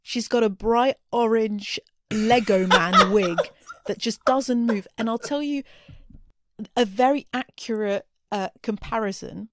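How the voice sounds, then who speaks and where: A woman's voice: on the high side, measured pace. A woman co-hosting a podcast, giving thoughtful opinions on a series in casual chat. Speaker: podcast co-host.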